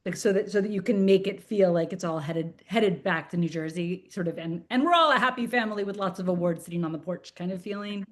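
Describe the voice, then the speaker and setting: A woman's voice: lowish voice, a little fast, hardly any pauses. Chatty woman author on a video call. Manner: animated, chatty, many fillers and restarts. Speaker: children's book author, guest. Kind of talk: conversational interview over video call.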